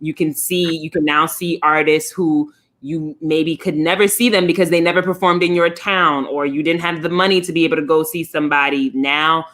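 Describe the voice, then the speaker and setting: Bright-voiced woman co-hosting a podcast. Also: low voice, steady tone, normal speed, hardly any pauses. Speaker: podcast co-host. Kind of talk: casual chat.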